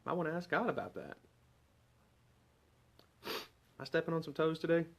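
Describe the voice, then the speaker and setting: A man's voice: a little high, lively intonation, normal speed, vocal fry. Man preaching a casual devotional sermon. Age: adult parent. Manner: conversational, asks rhetorical questions.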